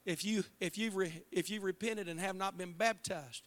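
Man, Midwestern American pastor, high-pitched, bright tone, impassioned sermon. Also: normal speed. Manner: passionate preaching, swings from hushed to shouting. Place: church sanctuary.

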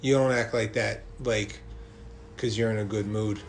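A man co-hosting a podcast in casual chat, talkative and quick to laugh, reading out listener mail. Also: fairly low pitch, fairly even intonation, gravelly, soft background music. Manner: chatty, laughs easily, reads listener mail aloud. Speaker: podcast co-host.

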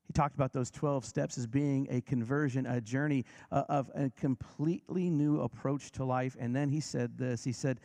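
A man preaching a sermon, emphatic and dramatic, who slows down and speeds up, drops to a near whisper and rises again, and leads his listeners in repeating lines. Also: mid-range voice, fairly even intonation, gravelly, dark tone. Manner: emphatic, varies pace and volume for effect.

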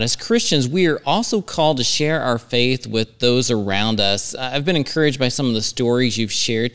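Smooth-voiced male host in a reverberant room. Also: medium pitch, fairly bright tone. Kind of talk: interview questions.

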